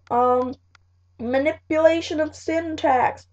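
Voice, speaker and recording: A high-pitched teenage girl vlogs her revision tips in a casual, rambling way, leaning on fillers. Her comes through plainly. The sound is dull and lo-fi, as from a home webcam mic. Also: animated, slow pace, a little mellow. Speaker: vlogger.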